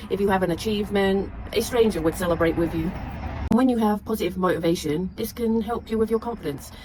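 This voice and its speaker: British woman, lowish voice, talks quick, reflective vlog chat. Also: darkish tone, a little hiss or hum, low-quality recording. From England. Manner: reflective, explaining. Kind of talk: casual vlog to camera.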